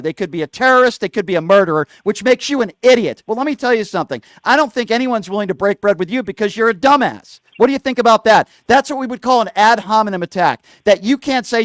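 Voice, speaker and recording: High-pitched guy hosting a call-in show, badgering and name-calling, dry close sound. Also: fairly bright tone, dry recording. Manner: hectoring, insulting, repeats questions. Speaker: talk show host. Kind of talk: heated call-in argument.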